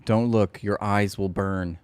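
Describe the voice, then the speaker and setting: A man's voice: lowish voice, fairly even intonation, slow pace, a little mellow. A man giving mocking, sarcastic commentary over news clips. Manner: sarcastic, teasing.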